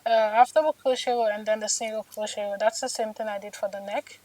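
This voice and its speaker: A woman's voice: mid-range voice, fairly even intonation, fast, a little mellow, no room sound, recorded from a distance, low-quality recording. A young woman vlogging while she crochets in her home studio, chatty and tired, often saying "like" and "guys". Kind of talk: casual vlog talk while crocheting.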